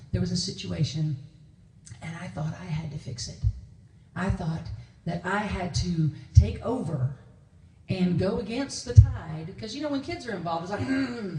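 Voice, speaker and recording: Lively woman preaching in an echoey church. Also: lowish voice, recorded from a distance, slight background noise. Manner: animated storytelling with laughs and quoted voices. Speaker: guest minister. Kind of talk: conversational sermon. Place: church sanctuary.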